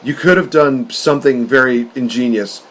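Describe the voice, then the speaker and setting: A man co-hosting a podcast, talking in an excitable, rambling way and laughing often. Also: medium pitch, moderate pace. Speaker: podcast co-host. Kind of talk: casual wrestling chat.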